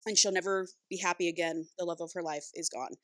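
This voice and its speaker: A young woman co-hosting a casual podcast, excitedly retelling a novel, gushing, and laughing often. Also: lowish voice, quick pace, no echo. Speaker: podcast co-host.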